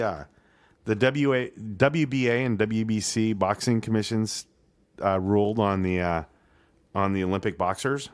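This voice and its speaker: A man co-hosting a casual sports talk podcast, talking in a halting way, full of "uh" and "I mean", and getting worked up over his opinions. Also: on the low side. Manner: animated, halting, with many fillers and restarts. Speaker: podcast co-host.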